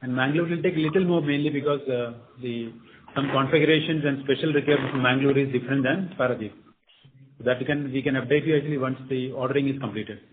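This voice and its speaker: Fast-talking male executive on a phone line. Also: mid-range voice. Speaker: company executive. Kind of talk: earnings call answers. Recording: tinny phone line with faint noise.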